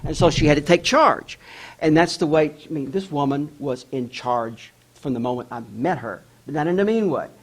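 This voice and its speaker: Speaking at a normal speed in a slightly high voice, this man is an author delivering an address. He narrates a story with animation, performing the voices of those he quotes.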